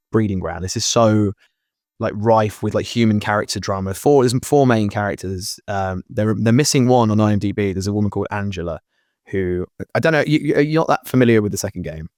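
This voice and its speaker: A man's voice: lowish voice, a little fast, a little mellow, no room sound, studio quality. A man co-hosting a podcast in casual chat, earnest and rambling as he works through his thoughts. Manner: earnest, rambling, many fillers and restarts. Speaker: podcast co-host. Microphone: podcast mic.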